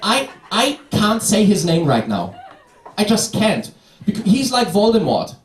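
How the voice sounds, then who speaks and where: A young man with a German accent performing a stand-up comedy set, wry and animated, with fillers and restarts. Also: high voice, measured pace. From Bavaria, Germany. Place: comedy club stage. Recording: echoey club from a distance with crowd laughter. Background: audience laughter and noise.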